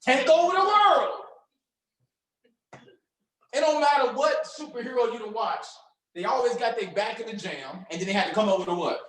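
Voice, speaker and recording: Energetic high-voiced male coach. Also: fast, roomy sound, low-quality recording. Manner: energetic, preachy, uses slang and call-and-response questions. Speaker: trading mentor. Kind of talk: motivational coaching talk.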